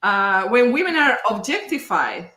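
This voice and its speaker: A woman's voice: mid-range voice, big pitch swings, measured pace, pushed and bright. A woman co-hosting a casual live-stream chat, who reads out the chat and thinks aloud hesitantly. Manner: hesitant, restarts while she thinks aloud. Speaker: co-host reading chat. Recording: echoey room.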